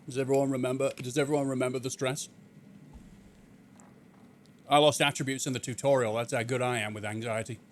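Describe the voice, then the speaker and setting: A man's voice: medium pitch, level tone, brisk, pauses often, slight background noise. A man streaming a video game, commenting casually in a joking, incredulous way. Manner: joking, incredulous, laughs often.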